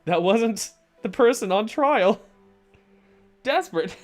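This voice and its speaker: A woman's voice: medium pitch, very animated, a bit bright, soft background music. Chatty woman streaming a game. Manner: chatty, exclaiming, quick asides. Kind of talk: casual let's-play commentary.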